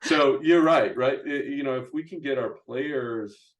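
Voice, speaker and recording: A man's voice: medium pitch, measured pace. A middle-aged man hosting a podcast interview, chatting casually with many restarts and "you know, right?" asides. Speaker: podcast host and youth basketball coach.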